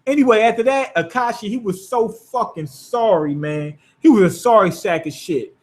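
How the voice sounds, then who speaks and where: A man's voice: high voice, normal speed. A man recapping an anime episode in a loose, rambling, profane way. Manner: profane, rambling, animated retelling. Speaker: anime reviewer.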